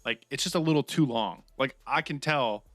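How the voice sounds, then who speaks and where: A man's voice: mid-range voice, normal speed, a bit bright, no room sound. A man co-hosting a casual comedy podcast, giving blunt opinions and swearing casually as he reads out chat questions. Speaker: podcast co-host.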